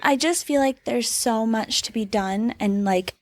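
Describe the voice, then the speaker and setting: A woman's voice: fairly high pitch, measured pace, no room sound. A woman co-hosting a podcast in casual chat, talkative and playful, laughing often. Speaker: podcast co-host.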